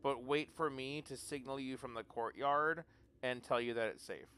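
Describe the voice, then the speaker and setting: A man's voice: medium pitch, fairly even intonation, moderate pace, bright, forceful tone, clear, resonant tone. A man playing in an online tabletop game, chatting and telling rambling stories between turns. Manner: rambling anecdotal storyteller. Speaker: player. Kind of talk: casual chat during a tabletop game.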